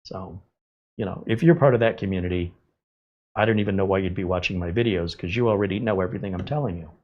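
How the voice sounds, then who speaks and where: A man with a low voice speaks fast, and the audio is dull with slight background noise. He's a tech show host on a live stream, answering viewer chat bluntly and sarcastically with lively asides.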